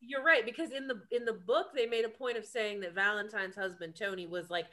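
A woman's voice: medium pitch, fairly quick, bright, forceful tone. A woman co-hosting a casual podcast, chatty and full of fillers as she compares a book and a show. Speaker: podcast co-host. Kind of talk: casual chat.

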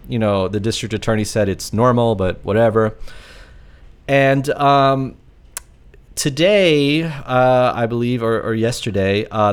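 Guy rambling on a podcast from his apartment, lots of likes and you knows, medium pitch. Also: smooth. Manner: rambling, heavy on filler words. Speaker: podcast co-host. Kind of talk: casual chat.

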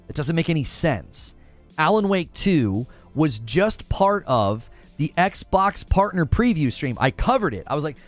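A man hosting a casual livestream, reading chat and acting out his own reactions in lively commentary. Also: fairly high pitch. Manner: animated, acts out his own past thoughts. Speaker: livestream host.

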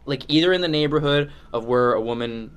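A man's voice: medium pitch, brisk, clean tone. A young man co-hosting a casual podcast, asking teasing questions and sharing his dating habits. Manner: joking, probing questions. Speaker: podcast co-host. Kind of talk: casual chat.

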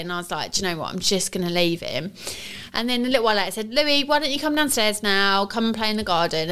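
Smooth-voiced chatty woman. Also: mid-range voice, sharp tone. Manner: chatty storyteller, retells family moments. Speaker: podcast co-host. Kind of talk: casual chat.

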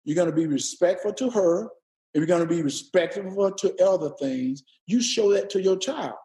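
A man with a high pitch and a dark, mellow tone speaks in a played interview clip. He talks earnestly and repeats phrases to drive his point home. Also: moderate pace. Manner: earnest, repeats himself for emphasis. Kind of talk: casual conversation.

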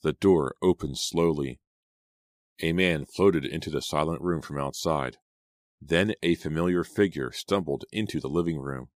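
A man reading a teen horror audiobook in an even, measured narration. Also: very deep voice, no room sound. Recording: dry close studio sound.

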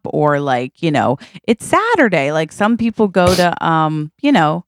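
A woman's voice: low voice, sing-song, measured pace, hardly any pauses, no echo, clean studio sound. A woman co-hosting a podcast, playfully improvising a romantic comedy story and acting out its lines. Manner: playful, acts out lines in a put-on voice. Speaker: podcast co-host.

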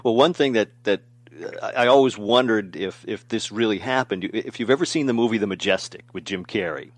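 A man's voice: on the low side, fairly quick, no echo. Male host, casual conversational questioning, dry close recording. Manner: conversational, with easy laughs and short backchannels. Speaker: interview host. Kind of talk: interview.

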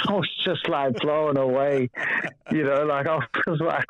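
A man, chatting casually as an interview guest, relaxed and full of "like" and "um". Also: medium pitch, normal speed, no echo, highs cut off. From New Zealand. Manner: relaxed, lots of "like" and "um". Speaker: guest, rugby player.

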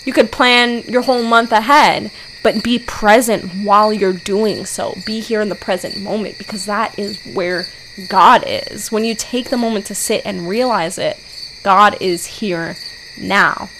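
Excitable lady podcaster rambling on, says freaking a lot, mid pitch voice. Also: a little slow, a little hiss or hum, poor audio. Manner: excitable, peppers speech with "freaking". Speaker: podcast host. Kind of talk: casual solo podcast chat.

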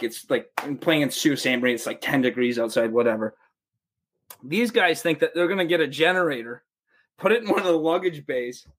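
This young American man sits somewhere in the upper middle of the male range as he spins loose, profane hockey stories. He keeps his telling casual and jumps into lively quoted voices for coaches and teammates. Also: fairly high pitch. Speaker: podcast guest, pro hockey player. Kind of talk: casual storytelling.

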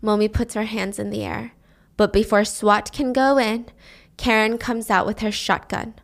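A woman's voice: medium pitch, flat delivery, normal speed, vocal fry. A woman casually recapping a drama's plot, telling it with animation and briefly voicing its characters.

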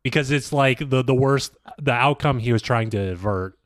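A man's voice: medium pitch, normal speed, dry recording. A man co-hosting a podcast, talking through ideas in a dry, crude way. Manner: dry, crude, reasoning aloud. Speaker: podcast co-host. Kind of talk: casual chat.

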